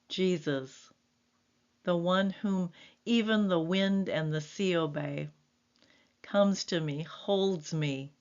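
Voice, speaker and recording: Slow, low-voiced woman pastor. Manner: gentle, earnest, reflective. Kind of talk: devotional sermon. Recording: slightly dull lo-fi recording.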